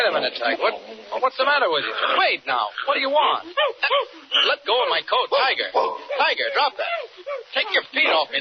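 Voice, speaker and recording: An actor playing a determined, heroic adult reporter who calls out loudly and urgently in a 1940s radio drama. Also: male voice, high voice, full character voice. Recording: dull old radio recording with barking dog behind.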